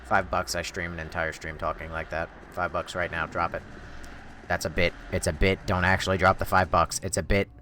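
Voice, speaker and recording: A man streaming a video game, joking with chat and talking to himself, with sudden loud outbursts. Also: sits low, little pitch movement, fairly quick, a little hiss or hum. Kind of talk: live gameplay commentary.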